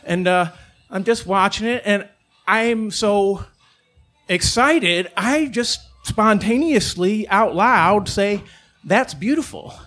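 A man from Chicago tells a funny story in a loose, rambling, swearing style. His voice sits a bit high for a man, and he talks with lively energy. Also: slow pace, faint music behind. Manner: rambling, profane, animated. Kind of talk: live comic storytelling.

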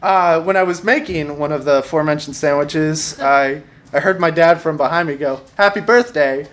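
A man's voice: on the high side, fairly even intonation, normal speed, a bit bright. A young man telling a funny personal story on stage, wry and self-mocking, laughing along as he talks. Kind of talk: stand-up storytelling.

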